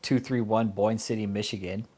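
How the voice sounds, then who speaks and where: A man's voice: lowish voice, steady tone, normal speed, a little mellow. Profane laughing male vlogger. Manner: profane, laughing often, rambling. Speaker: channel host. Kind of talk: casual vlog rant.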